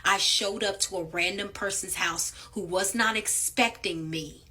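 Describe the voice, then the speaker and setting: A woman's voice: medium pitch, measured pace, few pauses, sharp tone. A woman delivery driver ranting to camera in a blunt, profane, angry way.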